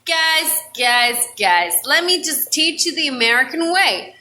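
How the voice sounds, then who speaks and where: A woman's voice: sits high, very animated, a little slow, sharp tone, slight background noise, full character voice. A woman voicing a brash, whiny, boastful capitalist sausage in a comedy podcast story skit.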